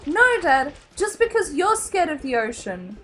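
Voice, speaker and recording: A woman voicing a young boy clownfish with a high, childish voice in a storybook reading. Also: sing-song, unhurried, a bit bright, full character voice. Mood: defiant.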